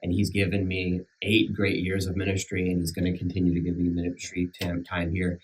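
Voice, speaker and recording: Deep-voiced earnest minister with a country accent. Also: male voice, completely flat delivery, far from the mic, poor audio. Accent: rural American country. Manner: halting, many restarts and fillers, earnest. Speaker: minister back from sabbatical. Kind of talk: casual podcast chat. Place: church podcast room.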